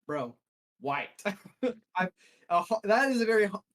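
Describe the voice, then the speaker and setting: Male co-host, a touch high-pitched, meandering storyteller in loose chat. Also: lively intonation, a little slow, a bit bright. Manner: rambling storyteller, restarts often. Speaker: podcast co-host. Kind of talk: casual chat.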